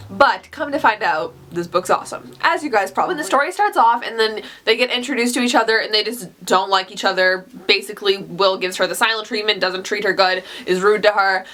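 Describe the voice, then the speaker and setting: A young book vlogger with a slightly high, bright, forceful voice chats casually about a book she loved. She gushes and rambles, saying "like" a lot in this relaxed review.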